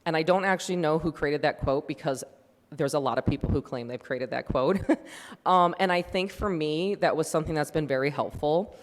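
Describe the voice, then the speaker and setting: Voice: mid-range voice, fairly quick, a little hiss or hum. A presenter giving an informal campus talk, speaking in a chatty, conversational way with many fillers. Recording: long reverb of a large room.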